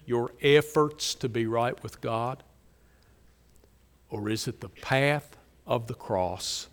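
A man preaching a sermon as a pastor, slow and emphatic, rising loud and dropping to near quiet for stress. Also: mid-range voice, big-room sound. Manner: slow, emphatic preaching with swells and drops in volume.

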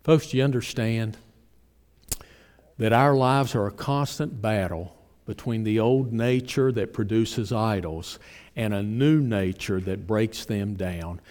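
A man's voice: on the low side, slow, a little mellow. A male pastor preaching a sermon, asking his congregation pointed rhetorical questions.

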